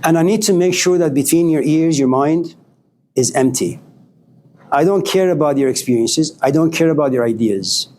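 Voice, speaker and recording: Animated male philosophy professor lecturing. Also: a little high, normal speed, a little hiss or hum. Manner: animated storytelling, acting out dialogues with students. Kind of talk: classroom lecture. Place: classroom.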